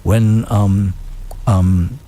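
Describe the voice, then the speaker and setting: Low husky caribbean guy hosting talk radio, animated, keeps repeating himself. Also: extremely slow. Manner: animated, repeats himself, quotes others in mock voices. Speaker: radio show host. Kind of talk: casual political talk.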